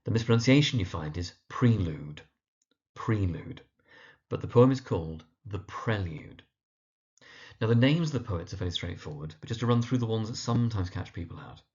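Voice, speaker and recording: Male teacher with a low voice for a pronunciation lesson, careful and deliberate, dull lo-fi sound. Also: animated, darkish tone. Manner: careful, repeats each name slowly and deliberately. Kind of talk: instructional pronunciation guide.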